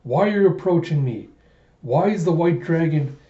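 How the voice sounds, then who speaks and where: A man's voice: on the high side, expressive, moderate pace, mellow, echoey room, dull audio, pitched above the performer's own voice, natural voice. A man voicing a wary, startled masked young man in a comic-book readthrough, with a raised, tense voice. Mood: agitated.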